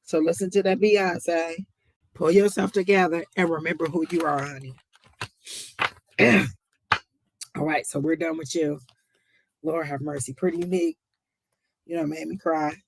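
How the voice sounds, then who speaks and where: A woman's voice: deep voice, steady tone, unhurried, gravelly, long pauses, no room sound. Emphatic woman doing live psychic readings. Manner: emphatic, preachy, repeats phrases for effect; chatty asides, exclaims to the Lord. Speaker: psychic reader and livestream host.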